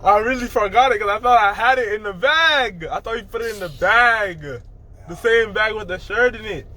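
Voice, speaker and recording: A young man protests his innocence in casual chat, explaining himself. His voice is high and bright, with faint noise in the background. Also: moderate pace. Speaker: son.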